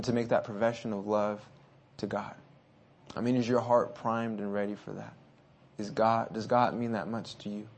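A man with a slightly low voice delivers an evening sermon. He drops to near-whispers and then surges louder as he presses his listeners with questions. He slows right down when reading scripture aloud. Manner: swings between hushed and loud, exhortative; reads scripture slowly and deliberately. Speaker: preacher.

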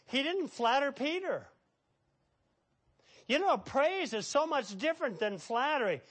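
A man's voice: high voice, fairly bright tone. A man preaching a sermon in a conversational way, repeating phrases for emphasis and acting out quoted dialogue. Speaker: pastor.

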